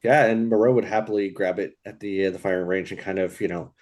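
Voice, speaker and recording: Thoughtful low-voiced player. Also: male voice, fairly even intonation, fast, darkish tone. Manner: thoughtful, uses "like" and "you know". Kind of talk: casual tabletop play.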